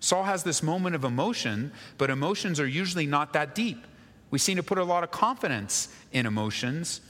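A male pastor giving an expository sermon, reading scripture slowly and then explaining it with rhetorical questions. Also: a little high, lively intonation, a bit bright, big-room sound.

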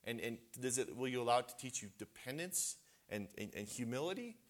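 A man preaching to a gathering of men with earnest, everyday warmth of conversation. He often stumbles and restarts as he goes. His pitch sits in the ordinary middle range. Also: expressive, brisk. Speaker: men's retreat speaker. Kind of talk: sermon.

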